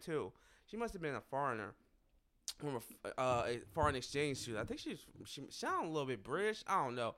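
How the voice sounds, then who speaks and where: Young guy on a podcast, fairly high voice, swears a lot, tells stories all worked up. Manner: animated, profane storytelling. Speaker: podcast co-host. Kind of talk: casual storytelling chat.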